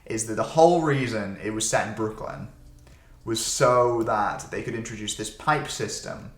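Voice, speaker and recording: A man's voice: lowish voice, normal speed. A young man co-hosting a casual film podcast, blunt and given to swearing. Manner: blunt, swears a lot, frequent agreeing backchannels. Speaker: podcast co-host. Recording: roomy echo.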